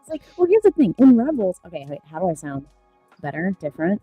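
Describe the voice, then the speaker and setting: A woman co-hosting a casual online podcast discussion, talking in an expressive, animated way and laughing easily. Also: mid-range voice, quick pace, slightly rough, highs cut off, soft background music. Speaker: podcast co-host. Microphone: remote call with a troublesome microphone.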